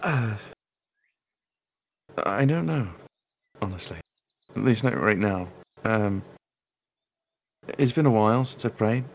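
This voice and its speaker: Low gravelly young man at the game table. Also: expressive, takes it slowly, pauses often. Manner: hesitant, laughing, many fillers. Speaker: tabletop player. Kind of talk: in-character tabletop play.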